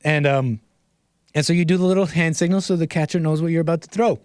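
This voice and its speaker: An American man hosting a casual livestream, rambling and animated as he chats and reads comments aloud. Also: a little high, fast talker, smooth, no room sound, clean studio sound. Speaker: livestream host.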